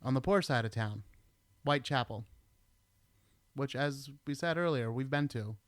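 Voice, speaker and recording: A man's voice: medium pitch, normal speed, dry recording, clean studio sound. A middle-aged American man hosting a podcast, chatting casually and telling stories with the odd swear word. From United States. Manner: laid-back, swears casually, tells stories. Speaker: podcast host. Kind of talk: casual chat.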